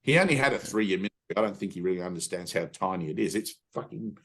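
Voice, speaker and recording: A man's voice: low voice, lively intonation, fast, fairly bright tone, husky. A middle-aged man giving an earnest spiritual teaching talk, emphatic, swearing casually, and often checking in with "right?". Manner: frequent "right?" tag questions.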